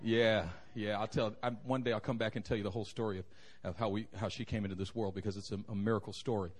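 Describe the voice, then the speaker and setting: A man's voice: lowish voice, fairly even intonation, quick pace, a little mellow. A young man preaching a humorous sermon in a church, telling stories and joking with the congregation. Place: church sanctuary.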